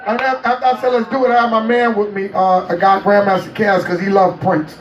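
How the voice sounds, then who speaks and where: A man as an interview guest, telling a story in a casual, animated way, laughing and acting out quotes. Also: sits high, a little fast, hardly any pauses, a crowd in the background. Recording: roomy, distant mic, faint noise.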